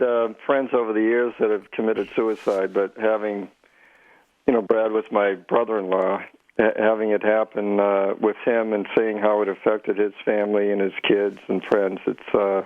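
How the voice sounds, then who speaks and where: A man with a Boston accent, a guest musician on a radio interview, speaking in a halting, soft-spoken way. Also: fairly low pitch, flat delivery, no room sound, phone-quality sound.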